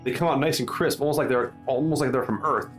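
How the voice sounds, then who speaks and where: A man voicing an overeager, excitable young male scientist with a high, gushing voice. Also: moderate pace, soft background music. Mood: excited. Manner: eager, gushing.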